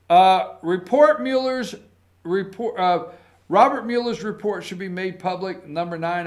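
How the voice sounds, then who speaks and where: Male opinion host, high voice, sarcastic and combative, rambling. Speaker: political commentary host. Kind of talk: opinionated political commentary.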